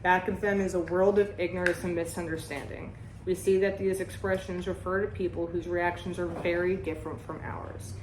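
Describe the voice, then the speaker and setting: A woman's voice: fairly low pitch, distant mic, background noise. A woman hosting a recovery group talk, speaking bluntly and emphatically with heavy swearing. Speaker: host. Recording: echoey room.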